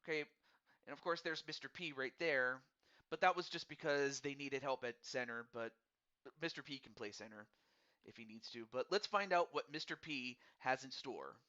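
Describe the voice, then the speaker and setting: Bright-voiced man hosting a stream. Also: mid-range voice, moderate pace, dull audio. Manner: rambling, repeats words, upbeat and friendly. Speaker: host of a fantasy hockey draft stream. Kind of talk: casual live-stream chat.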